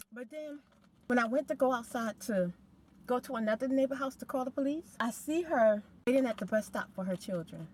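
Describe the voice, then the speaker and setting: Expressive and a little high, the voice of this middle-aged ASMR storytime host is brisk yet slightly mellow as she rambles casually in a conversational way. A faint hiss or hum sits under the recording.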